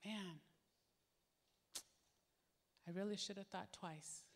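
A woman preacher voicing God as a patient, loving father who speaks softly. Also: medium pitch, fairly even intonation, slow pace, big-room sound, voice pushed down. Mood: rueful.

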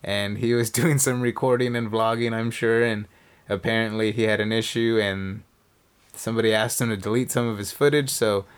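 Animated man telling a casino story. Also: on the low side, moderate pace, clear, resonant tone. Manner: animated storyteller, acts out quotes, swears casually. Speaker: podcast co-host. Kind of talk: casual storytelling chat.

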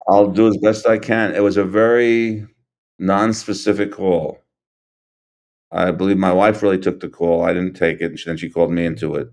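Older guy, lowish voice, stops and restarts a lot, earnest, telling what happened. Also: flat delivery, a little mellow. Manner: halting, restarts and trails off, earnest. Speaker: interview guest, grieving father. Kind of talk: recounting events in an interview.

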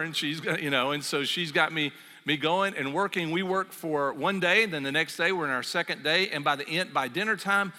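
A man's voice: on the high side, sharp tone, long reverb tail. A man preaching a sermon as pastor, talking conversationally, telling stories with asides and fillers.

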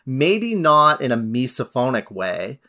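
A Canadian man co-hosting a podcast, chatting in a relaxed, rambling way with many fillers. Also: medium pitch, measured pace. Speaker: podcast co-host. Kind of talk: casual podcast chat.

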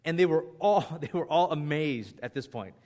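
Animated, fairly high-voiced male preacher. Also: normal speed. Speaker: pastor. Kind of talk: sermon.

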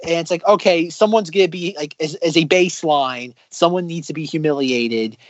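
A man co-hosting a casual podcast, rambling with many fillers and breaking into animated impressions as he critiques sketches. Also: fairly high pitch, moderate pace, dry recording. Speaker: podcast co-host.

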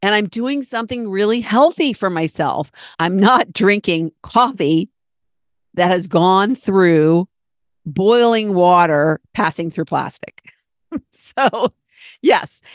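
A woman's voice: mid-range voice, expressive, slow, dry recording, studio quality. A middle-aged woman hosting her own podcast, talking in a chatty, rambling, earnest way and acting out her own thoughts. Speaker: podcast host. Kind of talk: casual solo podcast talk.

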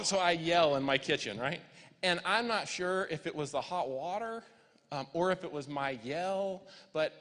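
A pastor in his forties preaches, slipping from a relaxed family story into fervent appeals. His voice sits on the higher side for a man. It rings out with the long reverb of a large church hall. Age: 40s. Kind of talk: sermon.

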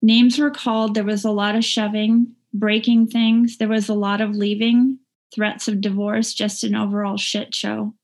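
A middle-aged woman gives a heartfelt personal testimony about her recovery, speaking candidly and haltingly, with fillers and restarts. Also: mid-range voice, flat delivery, a little mellow. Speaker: recovering drinker sharing her story. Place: lives in Northern California.

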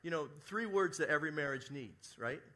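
Male pastor at a church service, bright and forceful voice, animated delivery that drops to hushed asides. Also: fairly high pitch, fairly quick. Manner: animated, shifts between loud emphasis and soft hushed asides; acts out quoted apologies in his own voice. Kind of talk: sermon.

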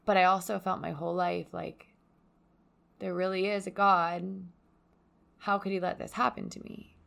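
A young woman hosting a podcast from home, speaking softly in a reflective, confessional solo monologue. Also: fairly low pitch, flat delivery, normal speed, vocal fry. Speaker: podcast host. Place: at home by a window onto a yard.

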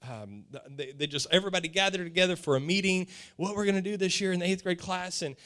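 A man's voice: high-pitched, fast talker, a bit bright. A man in his forties preaching a sermon, telling stories with animation and often repeating words.

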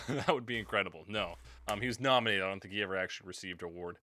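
A man's voice: on the low side, very fast, pushed and bright. A man from Canada co-hosting a podcast, chatting casually and joking wryly, swearing now and then. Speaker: podcast co-host. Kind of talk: casual chat.

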